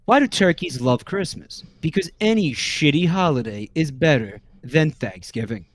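A man on a stream reading out a list of jokes in a weary, deadpan way, sounding exasperated. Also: a little high, normal speed, hardly any pauses. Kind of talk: casual stream chat.

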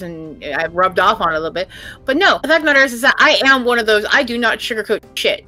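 Blunt, profane middle-aged woman, bright voice. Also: medium pitch. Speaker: podcast co-host and tarot reader. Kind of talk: casual podcast chat.

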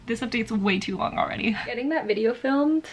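Chatty woman, high voice. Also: a little fast, slight background noise. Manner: chatty, filler-heavy, lots of "like". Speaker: book vlogger. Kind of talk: casual vlog chat. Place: at home.

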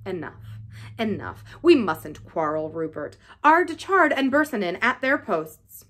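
A woman's voice: medium pitch, unhurried. A woman voicing a cold, scheming middle-aged duke who speaks evenly and with menace. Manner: even, calm, menacing.

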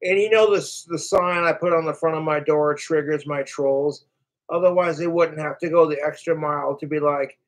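A man's voice: on the high side, fairly even intonation, normal speed, poor audio. A man chatting casually on a late-night livestream, sleepy and yawning, drawling and profane as he mocks his trolls. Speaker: streamer.

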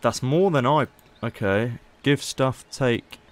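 A man's voice: medium pitch, slow pace. A man casually commentating gameplay as a YouTuber, chatty and playful. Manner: chatty, playful, haggling asides. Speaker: gaming YouTuber.

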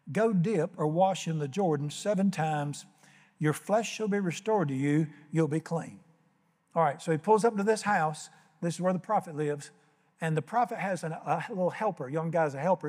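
A pastor preaches to his congregation, retelling an old story in plain, folksy talk and slipping into the voices of its characters. His voice sits on the higher side for a man. The sound rings out with the long reverb of a large church sanctuary. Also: darkish tone. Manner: folksy storytelling, acts out biblical characters in casual Southern-style speech. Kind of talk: sermon.

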